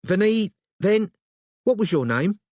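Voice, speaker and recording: Audiobook: a male narrator playing a wary, belligerent London woman on the phone, raised pitch, terse lines. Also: expressive, slow pace, darkish tone, dry recording. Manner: suspicious, curt, blunt.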